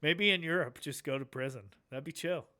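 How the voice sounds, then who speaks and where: A man's voice: on the high side, brisk, sharp tone. A man streaming a casual reaction, laid-back, swearing a lot and laughing often.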